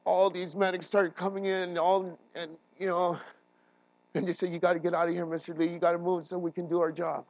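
A man preaching a sermon as a pastor, earnest and emotional, his voice building to loud emphatic peaks. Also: sits high, level tone, fairly quick, dull audio. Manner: emotional, voice rising and breaking while retelling a crisis.

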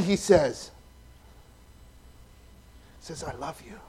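A pastor, preaching a sermon that swings from loud, emphatic passages to soft, hushed ones. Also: male voice, fairly high pitch, normal speed. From Hawaii.

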